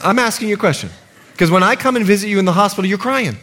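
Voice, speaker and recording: A middle-aged man from the United States, a pastor preaching a sermon in a lively, humorous way. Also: high voice, very fast.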